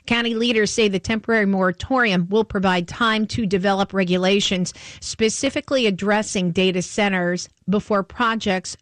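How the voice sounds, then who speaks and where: A woman reading radio news bulletins in a measured, even delivery. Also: medium pitch, no echo. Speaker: newsreader.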